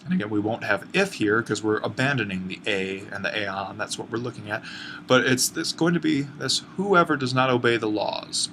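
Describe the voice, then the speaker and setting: A man's voice: lowish voice, expressive, a little fast, fairly bright tone, a little hiss or hum. A man teaching an online lesson on classical Greek grammar, explaining step by step and correcting himself as he goes. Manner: explains step by step, thinking aloud with fillers and self-corrections.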